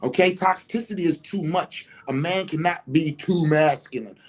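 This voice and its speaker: A man talking in a casual livestream monologue, animated and emphatic, swearing freely. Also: a little high, moderate pace. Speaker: vlogger.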